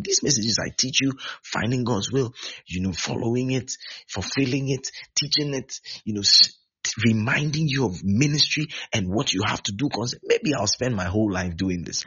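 A man's voice: medium pitch, moderate pace, bright, forceful tone, slightly rough. A man preaching a sermon as pastor, exhorting with lots of repetition. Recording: dull lo-fi recording.

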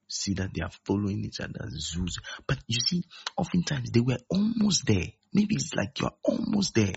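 Raspy, gravelly preacher man. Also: mid-range voice, sing-song, normal speed, a little mellow. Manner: emphatic, repeats key phrases. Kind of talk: sermon. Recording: dull lo-fi recording.

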